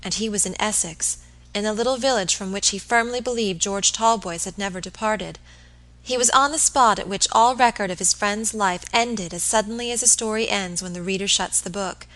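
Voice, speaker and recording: A woman reading a classic novel aloud as an audiobook narrator, with steady, even storytelling. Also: mid-range voice, normal speed, low-quality recording. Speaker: audiobook reader. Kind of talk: scripted narration.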